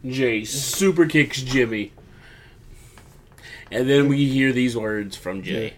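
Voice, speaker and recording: A man's voice: medium pitch, takes it slowly, a little hiss or hum. A young man co-hosting a podcast, recapping events in casual chat and acting out other people's lines as he tells the story. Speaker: podcast co-host.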